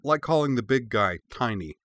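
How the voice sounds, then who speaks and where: A man reading the lines of a warm, teasing woman with a dry, deadpan humor, in a read-aloud story. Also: mid-range voice, moderate pace, no echo, voice pushed up, lightly acted. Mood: fond teasing. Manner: fond, wry, deadpan humor. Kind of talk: read-aloud fan fiction.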